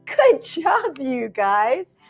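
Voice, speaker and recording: A woman's voice: high voice, very animated, drawn-out words, faint music behind. A woman hosting a children's story time, reading picture books and poems in a sing-song, encouraging way and talking straight to the kids.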